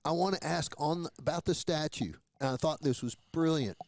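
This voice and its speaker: A man's voice: on the high side, moderate pace, a little mellow, dry recording. A man hosting a podcast and putting questions to his guest in a friendly way. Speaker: podcast host. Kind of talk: interviewing.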